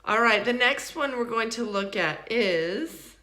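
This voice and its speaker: A woman teaching English pronunciation in a recorded lesson, saying each example word slowly and then repeating it for learners. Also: fairly high pitch, expressive, sharp tone, roomy sound. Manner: slow, deliberate, repeats model words for learners.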